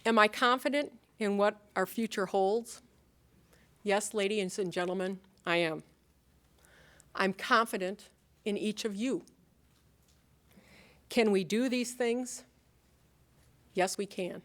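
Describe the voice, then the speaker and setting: Midwest-accented woman college president giving a speech, earnest and rallying, mid-pitched voice, some jokes thrown in. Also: takes it slowly, long pauses, a bit bright. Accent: Upper Midwest American. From Upper Midwest of the United States. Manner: earnest, rallying, with rhetorical questions and light humor. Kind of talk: convocation address.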